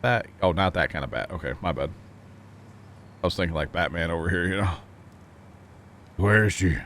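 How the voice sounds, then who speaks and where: A man's voice: low-pitched, normal speed, fairly bright tone, a little hiss or hum. A man streaming a farming game, chatting casually and joking with his chat. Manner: chatty, jokey, reading chat aloud.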